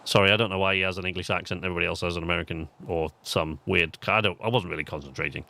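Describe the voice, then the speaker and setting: A man's voice: deep voice, fairly even intonation, rapid-fire, creaky, few pauses, sharp tone. A man streaming a video game live, chatting eagerly to his viewers, with plenty of fillers. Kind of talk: gaming livestream commentary.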